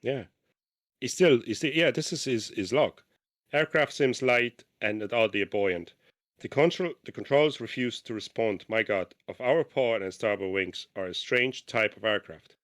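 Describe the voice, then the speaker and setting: A man co-hosting a casual podcast, reading an old diary aloud haltingly with restarts and stopping to comment. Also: medium pitch. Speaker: podcast co-host.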